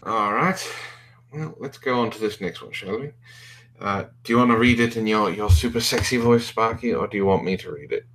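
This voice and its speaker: A man's voice: on the low side, moderate pace, a bit bright. A man hosting a podcast, giving sarcastic, profane commentary. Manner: sarcastic, swears freely. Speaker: podcast host.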